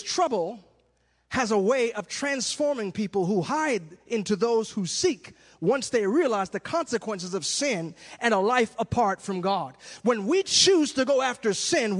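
A man preaching a sermon, animated, acting out little scenes and shouting for emphasis. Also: high-pitched. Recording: long hall reverb.

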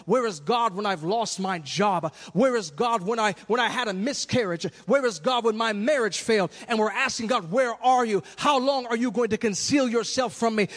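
A male preacher delivering a sermon, swinging from shouted cries to hushed questions in a half-sung preaching cadence. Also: high-pitched. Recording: long hall reverb.

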